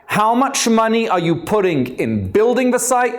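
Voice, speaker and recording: A man in his fifties with an English accent gives an engaging conference talk, putting questions to the audience and joking along the way. His voice sits a little high for a man. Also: big pitch swings, moderate pace. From born in England, raised in Israel. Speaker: conference speaker.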